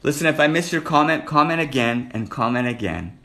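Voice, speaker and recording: A man's voice: mid-range voice, animated, a little fast, bright, forceful tone. A man hosting a casual live stream, flirting playfully and calling out viewers by name. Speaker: livestream host reading viewer comments.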